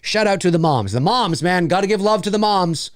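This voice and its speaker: A man's voice: high voice, expressive, fairly quick, dry recording, studio quality. A man from Canada hosting a casual live-stream Q&A, rambling, repeating phrases and reading out viewers' comments.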